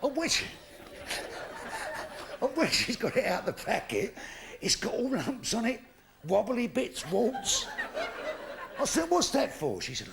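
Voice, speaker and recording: Gravelly comic, lively high delivery. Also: male voice, unhurried, pauses often. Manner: crude, punchy joke-telling with swearing. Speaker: stand-up comedian. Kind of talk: live stand-up comedy routine. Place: stage before a live audience. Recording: live show with crowd laughter.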